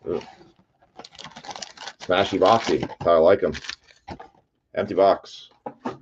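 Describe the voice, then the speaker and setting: Man, low-pitched, animated, hype card break commentary, dull lo-fi audio. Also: slow pace, slight background noise. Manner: excitable, shouts over big pulls; chatty, reads player names aloud.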